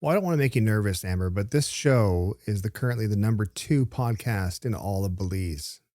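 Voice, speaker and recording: A man's voice: on the low side, fairly quick, darkish tone, dry recording, studio quality. A man with a Southern Ontario accent hosting a podcast quiz game, playful and teasing in casual banter. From Canada.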